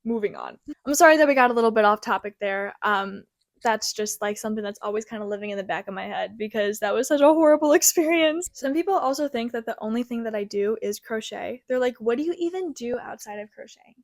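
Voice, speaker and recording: A young woman with a slightly high voice chats casually to camera from her childhood bedroom. She is an animated storyteller who leans on fillers as she goes. The sound is close and dry, with no room around it. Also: quick pace, dry recording. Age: young adult. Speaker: crochet pattern designer.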